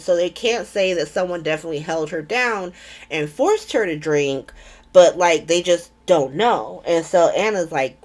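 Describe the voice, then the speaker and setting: A chatty woman hosting a casual recap vlog in an irreverent, swearing-prone way. Her voice is lowish for a woman and very animated, full of rises and falls. She peppers her talk with ums. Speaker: soap opera recap vlogger.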